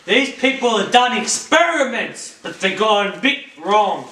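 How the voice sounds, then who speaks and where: A man's voice: high voice, very animated, a little slow. A man hosting his channel, chatting, laughing and swearing while reacting to videos. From Australia. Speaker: channel host. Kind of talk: casual video reaction commentary. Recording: echoey room, mic far off, loud noise.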